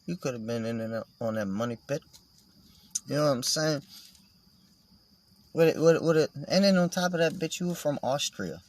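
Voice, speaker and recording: A man's voice: medium pitch, moderate pace, long pauses. A man vlogging in a casual, meandering monologue, swearing and joking as he goes.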